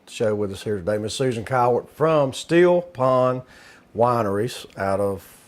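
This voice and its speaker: A man's voice: mid-range voice, expressive, measured pace. A man with a Southern US accent hosting a cooking show, chatting casually with many fillers and restarts. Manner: rambling, hesitant, many fillers.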